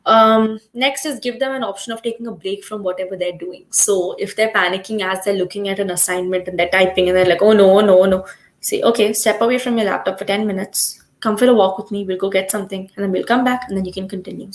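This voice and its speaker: A young woman from India giving a calm, instructive webinar talk on mental health and acting out example phrases. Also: medium pitch, a little fast. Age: young adult. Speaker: guest speaker on mental health.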